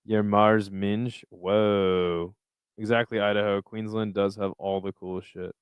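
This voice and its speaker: A man's voice: lowish voice, level tone, slow, smooth, dry recording. A young man hosting a live stream, chatting casually and reading viewer comments aloud in a loose, profane, rambling way. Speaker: livestream host reading chat.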